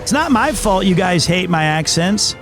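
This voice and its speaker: Man streamer, casual livestream chat, rambling storyteller, high voice, faint music under him. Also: sing-song, moderate pace. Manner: rambling storytelling, acting out quotes.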